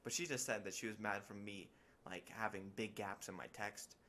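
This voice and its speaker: A young podcast co-host tells stories animatedly in casual chat, acting out quotes with big jumps in his voice. His voice sits on the low side with a steady, sharp tone and moderate pace, over slight background noise.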